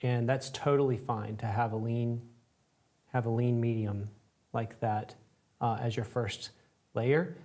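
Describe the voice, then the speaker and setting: A man's voice: mid-range voice, steady tone, a little slow, long pauses, mellow. A man hosting a live-stream painting class, talking casually with lots of fillers. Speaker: art instructor and host.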